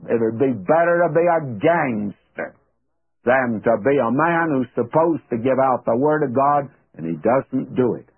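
A man giving an earnest, folksy radio sermon, his voice rising whenever he quotes scripture. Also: slightly rough. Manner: earnest, folksy preaching, rises in pitch when quoting scripture. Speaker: radio Bible teacher. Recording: tinny, phone-like radio broadcast.

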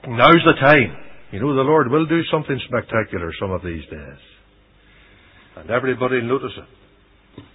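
Preacher with big dynamic swings. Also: male voice, medium pitch, expressive, moderate pace, long pauses, husky. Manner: dramatic preaching, voicing Christ's words with big swings from loud to hushed. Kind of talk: sermon. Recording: dull lo-fi radio recording.

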